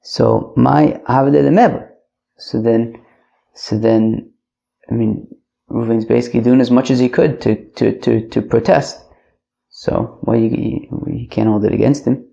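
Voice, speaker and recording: Gravelly man giving a chatty Talmud class. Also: mid-range voice, fairly even intonation, measured pace, mellow, highs cut off. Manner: loose and chatty, mixing Yiddish and Aramaic terms. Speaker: Talmud teacher. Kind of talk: casual daily Talmud class.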